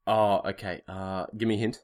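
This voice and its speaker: A man's voice: on the low side, flat delivery, normal speed, a little mellow. A man hosting a podcast, answering trivia in a casual chat with dry wisecracks. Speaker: podcast host.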